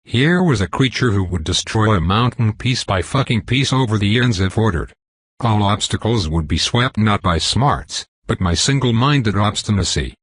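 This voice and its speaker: A man narrating a dark fantasy web novel in a steady, measured storytelling voice. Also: on the low side, breathy edge, no echo, clean studio sound. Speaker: audiobook narrator.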